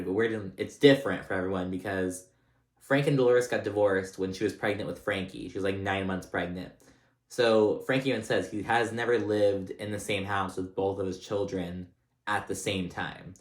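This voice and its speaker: In a roomy, echoey space, a man with a lowish voice recaps a reality TV episode at a normal pace. He's chatty and rambling, full of fillers and restarts, and perks up when retelling the funny scenes.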